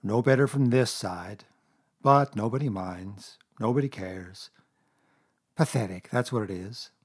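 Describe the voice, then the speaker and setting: A man's voice: on the low side, measured pace, husky. Eeyore, a man doing a gloomy old donkey. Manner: mournful, sighing, sarcastic. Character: gloomy old grey male donkey, self-pitying. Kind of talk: storybook reading.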